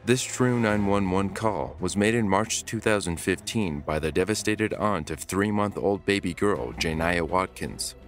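Brief: deep male narrator, steady scripted read, faint music behind. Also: a little slow, hardly any pauses.

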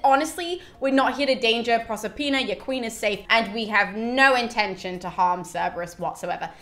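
A woman's voice: on the high side, a bit bright, natural voice. A woman voicing a bossy female prophetess who talks in a snappy, sarcastic way. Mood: wheedling. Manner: snappy, sarcastic, fast-talking persuasion. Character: sassy bossy female prophetess, brisk and pushy.

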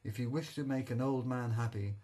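Weary pleading old soldier, 70s, read by a man, audiobook, middle-pitched. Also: brisk, mellow, lightly acted. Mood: entreating. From Poland. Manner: earnest, entreating. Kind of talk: audiobook character reading.

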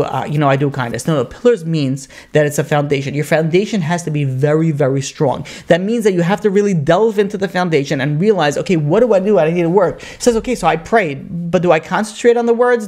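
A man with a slightly high voice teaches a casual Torah class as a rabbi. He's animated, speaking through many quoted voices and using frequent fillers.

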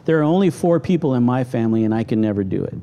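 A middle-aged man, a pastor, preaching a sermon in a church and telling stories with sudden animated outbursts. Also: medium pitch, rapid-fire, a little hiss or hum. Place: church sanctuary.

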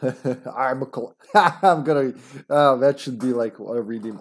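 A man's voice: mid-range voice, a little slow. A man streaming a video game with friends, chatting casually, joking and laughing often. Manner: jokey, laughs often, rambling. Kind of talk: casual gaming chat.

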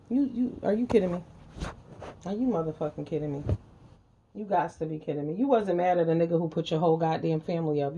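A woman's voice: fairly low pitch, dark tone. A woman hosting her own channel, scolding her viewers in a profane, confrontational commentary rant and repeating lines for emphasis. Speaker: channel host. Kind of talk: ranting commentary vlog.

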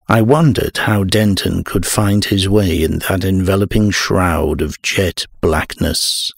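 A man narrating a horror audiobook in a measured, dramatic first-person telling. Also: low-pitched, gravelly, dry recording, clean studio sound.

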